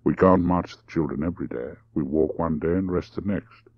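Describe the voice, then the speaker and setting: A man's voice: low-pitched, moderate pace, husky, no echo. A man voicing a weary, resolute young Englishwoman prisoner who speaks plainly and matter-of-factly, in a dull lo-fi recording.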